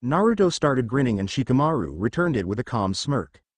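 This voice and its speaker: A male storyteller reading fan fiction aloud in a steady, expressive way. His pitch moves up and down a lot as he reads. The recording is close and dry, with no room echo. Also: fairly quick. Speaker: narrator.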